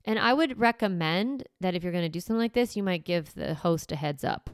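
A woman's voice: on the low side, expressive, fairly quick, clean tone, dry recording, studio quality. A woman, likely in her thirties, casually giving parenting advice and acting out what a parent might say to a child. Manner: conversational, acts out what parents say to kids. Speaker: parenting coach.

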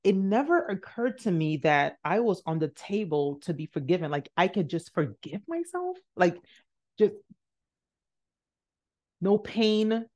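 Animated woman telling a personal story. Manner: animated, acts out quotes with big pitch jumps and hushed asides. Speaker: podcast host. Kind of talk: motivational storytelling.

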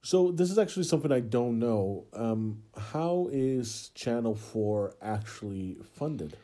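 Mellow-voiced playful podcast co-host. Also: male voice, medium pitch, animated, unhurried. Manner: playful, teasing. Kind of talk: casual podcast chat.

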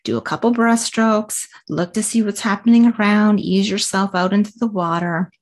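A woman's voice: mid-range voice, moderate pace. A woman telling a story in a loose, chatty way. She often stops to restart a thought and fills the gaps with small fillers. She also breaks off to give listeners direct, practical advice. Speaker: triathlete recounting a race. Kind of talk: casual spoken storytelling.

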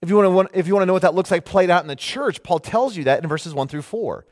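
A man's voice: sits high, quick pace, big-room sound. A man preaching a sermon as pastor, emphatic, repeating his phrases and often starting with "hey".

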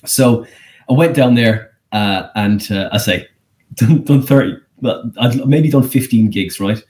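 An Irish man, a comedian and guest, telling rambling, animated stories in a casual podcast interview. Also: measured pace. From Ireland. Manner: animated, rambling storyteller with pitch leaps.

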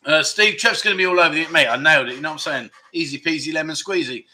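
Chatty man with a bright, high voice. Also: quick pace. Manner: chatty, reads out and answers viewer comments; jokey banter, calls people mate. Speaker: livestream chat show host. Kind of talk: casual livestream chat.

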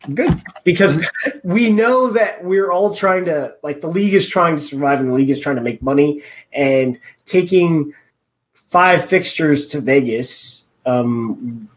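A man's voice: a little high, measured pace, rough recording. A man hosting a casual podcast chat, rambling and hesitant, with dry sarcasm.

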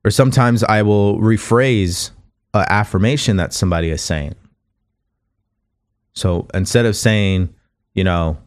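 A man's voice: lowish voice, unhurried, pauses often. A man hosting a podcast, giving a conversational motivational talk as a coach, earnest and repeating phrases as he goes. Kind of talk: motivational monologue.

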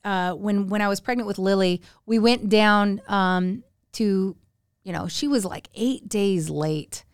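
A woman's voice: medium pitch, a little slow, clean tone, no room sound, studio quality. A woman in her forties telling family stories in a casual chat, acting out the people she quotes with big jumps in her voice. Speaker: podcast guest. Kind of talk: casual storytelling.

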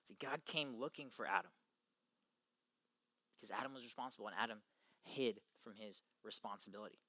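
Bright-voiced earnest young man preaching. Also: fairly low pitch, fairly quick, no room sound. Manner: earnest, emphatic, acts out quotes. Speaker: youth ministry speaker. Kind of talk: youth talk to boys.

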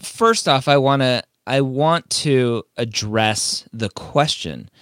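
A man's voice: medium pitch, slow pace, fairly bright tone, dry recording, clean studio sound. A man hosting an advice podcast, talking casually and emphatically, driving points home with strings of rhetorical questions. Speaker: podcast host and admissions advisor.

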